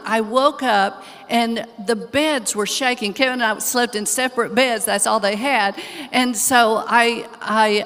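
A woman preaching to a congregation, speaking in a fairly high voice. She tells a personal story in an earnest, animated, conversational way. The sound carries a long reverb from a large church hall. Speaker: co-host preacher. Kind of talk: conversational sermon.

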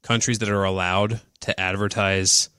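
A man's voice: lowish voice, little pitch movement, normal speed, bright, forceful tone, clean tone, dry recording, clean studio sound. A man co-hosting a podcast, blunt and casual in discussion. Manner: blunt, casual, a bit profane.

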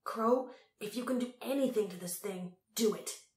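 A woman's voice: on the high side, moderate pace, darkish tone, pitched above the performer's own voice, natural voice. A woman voicing an earnest, determined teenage boy who speaks firmly, in an echoey room. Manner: earnest and firm.

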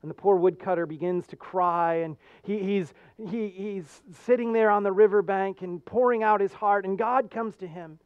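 A male American pastor preaching a sermon with earnest storytelling and animated jokes. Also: high voice, moderate pace, hardly any pauses, clear, resonant tone, dry recording, narrow, tinny audio.

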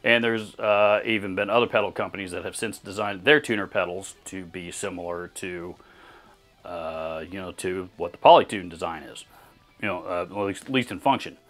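A man's voice: low voice, moderate pace, a bit bright. A man hosting his own channel, answering viewer comments in blunt, profane, rambling casual talk full of fillers and laughs, seen on camera indoors. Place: indoor room with gear on the wall behind him.

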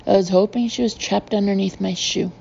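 A woman's voice: medium pitch, steady tone, a little fast, gravelly, mellow, lo-fi sound, a little hiss or hum, close to an everyday voice. A woman doing a sneering villainous count. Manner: sneering, mocking. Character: scheming villainous adult male count.

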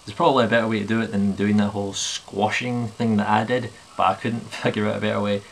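A man's voice: lowish voice, little pitch movement, fast talker, creaky, a little hiss or hum. A man talking with himself in a casual improvised comedy skit, rambling and self-mocking, recorded at home on a camera in his sitting room. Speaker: video blogger playing himself and his clone. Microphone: camera on a TV unit.

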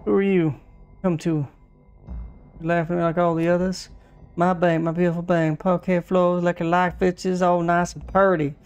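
A man's voice: high voice, level tone, moderate pace, clean tone, lo-fi sound, faint music behind. A man putting on a bitter, grumbling frontier bank owner.

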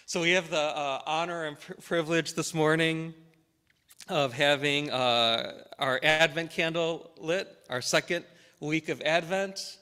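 Slow, measured pastor in a reverberant church. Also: male voice, a little high, fairly even intonation, bright, forceful tone, clean tone. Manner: slow, measured reading with emphatic phrases. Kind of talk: church welcome, scripture reading and prayer. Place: church sanctuary. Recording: long hall reverb.

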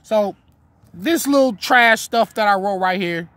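A man's voice: sits high, expressive, unhurried, a bit bright, no room sound. A man giving a casual, talkative lesson on writing rap rhymes, now and then reciting his own bars. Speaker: battle rap teacher.

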